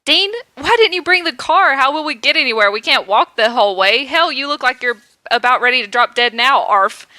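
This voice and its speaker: A woman's voice: high-pitched, animated, fairly quick, bright, forceful tone, no room sound. A woman voicing a patient, caring male dog who reassures his brother and adds barks in a comic fan story reading. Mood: worried.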